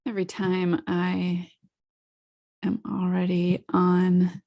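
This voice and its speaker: Slow, low-voiced woman podcast host. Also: monotone, creaky, dark tone, highs cut off. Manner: reflective, asks listeners questions. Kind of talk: solo podcast monologue.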